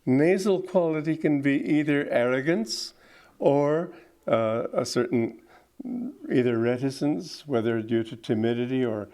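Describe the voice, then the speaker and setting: A man's voice: medium pitch, a little slow, warm tone. An older man giving an informal spiritual talk, reflective, with chuckling asides and playful mimicry. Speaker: spiritual teacher.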